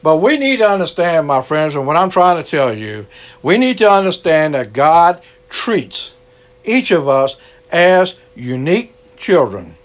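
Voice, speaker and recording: A man's voice: a little high, very animated, a little slow. A man preaching an earnest sermon to an online gathering, repeating his key lines and closing in prayer.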